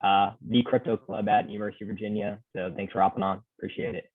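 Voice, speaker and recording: A man's voice: lowish voice, fairly even intonation, fast, no room sound. A young man hosting a club meeting, easygoing and hesitant with many fillers. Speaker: club host. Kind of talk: casual meeting host. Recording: tinny phone-like call audio.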